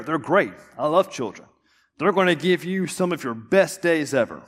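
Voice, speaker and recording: A young adult man preaching a sermon as pastor, telling a family story and acting out the voices in it. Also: medium pitch. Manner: storytelling, animated, acts out quotes. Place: church sanctuary. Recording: long hall reverb.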